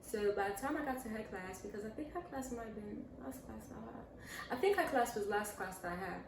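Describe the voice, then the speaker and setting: A woman's voice: on the high side, a little fast. Chatty young woman in an echoey room. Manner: animated, chatty, acts out quoted voices. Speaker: vlogger answering viewer questions. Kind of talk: casual storytelling Q&A. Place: indoors at home, seated with a pillow. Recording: echoey room, mic at a distance, faint hiss.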